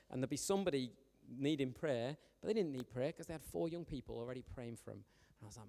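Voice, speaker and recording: Chatty youth pastor in a hall. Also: male voice, mid-range voice, fast talker, vocal fry. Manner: chatty, animated, joking with the young audience. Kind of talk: informal storytelling sermon. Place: church hall. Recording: long hall reverb.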